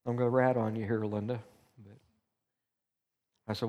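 A man's voice: fairly low pitch, little pitch movement, normal speed, dark tone. Older man telling a story in an echoey hall. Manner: conversational storytelling, acting out his own thoughts. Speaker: church teacher. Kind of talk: personal story in a sermon. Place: church hall.

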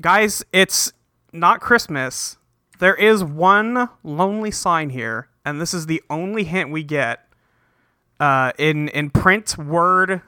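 A man's voice: on the high side, pushed and bright, no echo, clean studio sound. A man hosting a casual podcast, recapping a cartoon episode in a laid-back way with lots of fillers. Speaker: podcast host.

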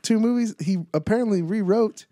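A man co-hosting a casual podcast in a studio, laid-back and agreeable, answering with a steady stream of yeahs. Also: high voice, fairly quick, no echo. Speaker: podcast co-host. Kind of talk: casual chat. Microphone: studio mic.

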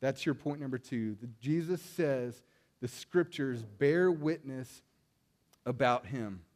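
A man's voice: mid-range voice, slow, a little mellow. A man giving a conversational sermon, retelling stories in a casual way and often checking in with "right?". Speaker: preacher.

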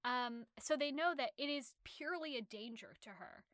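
A woman talking casually about a book she has read, retelling its story in an animated way with many fillers and restarts. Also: high-pitched, normal speed, dry recording, studio quality. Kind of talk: casual literary discussion.

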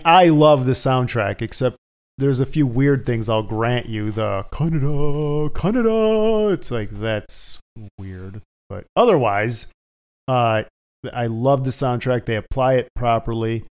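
A man hosting a casual podcast panel discussion, brisk and upbeat as he steers the talk along. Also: mid-range voice, fairly even intonation, a little mellow, clear, resonant tone. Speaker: podcast host.

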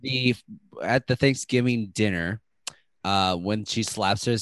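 A man's voice: lowish voice, slow pace, fairly bright tone, no room sound. A man from Staten Island, co-hosting a casual podcast chat, joking and bantering. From Staten Island, New York. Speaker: podcast co-host.

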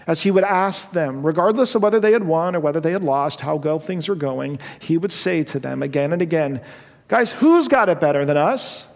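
A man's voice: on the high side, animated, normal speed, creaky. A man preaching a sermon to a congregation, with an impassioned delivery that rises to emphatic peaks. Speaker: pastor. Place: church sanctuary with congregation. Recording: long church hall reverb.

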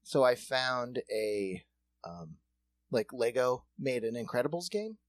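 A man's voice: mid-range voice, sing-song, takes it slowly, no room sound. A man co-hosting a podcast, telling a rambling, joking story in casual chat. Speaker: podcast co-host.

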